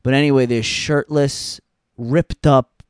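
A man's voice: mid-range voice, steady tone, takes it slowly, smooth, no echo, studio quality. A young adult man hosting a podcast, ranting in a blunt, profane way and repeating points for emphasis. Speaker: podcast host. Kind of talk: casual ranting commentary.

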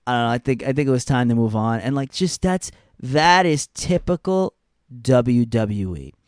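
Animated, profane young man ranting casually. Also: mid-range voice, moderate pace, dry recording, clean studio sound. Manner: animated, profane, rambling with many fillers. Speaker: wrestling commentary podcaster. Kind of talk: casual opinion talk.

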